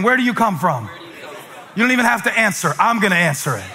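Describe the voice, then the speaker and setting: A man from South Carolina preaching a sermon as pastor, dropping to a hush then building to shouts with repeated rhetorical questions. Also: sits high, expressive, brisk, a faint crowd. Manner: dramatic preaching, swings from hushed to shouting; rhetorical questions and call-and-response with congregation.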